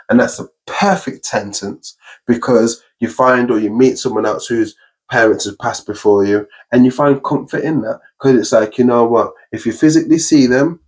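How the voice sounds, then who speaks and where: A young podcast host with a husky, mid-range, somewhat dark voice chats casually in an earnest, upbeat way, frequently rattling off long lists.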